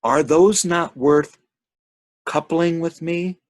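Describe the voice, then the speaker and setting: A man's voice: a little high, takes it slowly, voice pushed up. A man reading as a blind pleading temptress.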